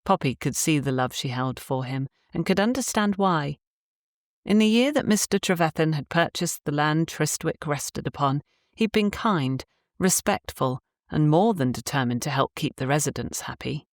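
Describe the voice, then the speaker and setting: Low-voiced woman narrating a romance. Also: lively intonation, normal speed, no echo, clean studio sound. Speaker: audiobook narrator. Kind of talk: scripted narration.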